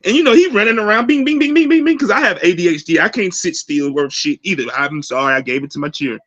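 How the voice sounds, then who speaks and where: Fired-up profane man, high voice. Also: expressive, quick pace, fairly bright tone, dry recording. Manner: profane, fired-up, repetitive restarts. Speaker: podcast co-host. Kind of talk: casual barbershop chat. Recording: dull lo-fi sound.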